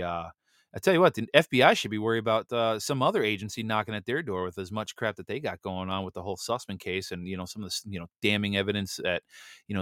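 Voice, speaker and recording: Male show host with a low voice who reads headlines and rants at them, sarcastic and indignant, full of fillers, recorded dry. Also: fairly bright tone, no echo. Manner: indignant, sarcastic, many "you know" fillers. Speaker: host of a news commentary show. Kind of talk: reading and ranting about headlines.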